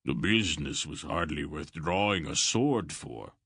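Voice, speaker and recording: A man voicing a big, boisterous warrior who speaks in a deep, hearty rumble and relishes a fight. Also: lively intonation, unhurried, fairly bright tone, slightly rough, no echo, studio quality, exaggerated voice.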